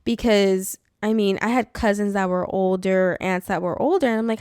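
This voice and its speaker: A woman's voice: medium pitch, moderate pace, a little mellow, smooth, no echo, studio quality. A woman co-hosting a podcast, telling a personal story in a rambling, casual way, full of "like" and laughter. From California. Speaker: podcast co-host. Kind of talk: casual chat.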